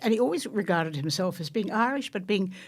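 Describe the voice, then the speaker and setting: A woman interviewing a radio host, asking brisk, eager questions and sometimes cutting in, in a radio studio. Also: medium pitch, expressive. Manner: brisk, eager questioner who talks over and apologizes. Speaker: guest interviewer.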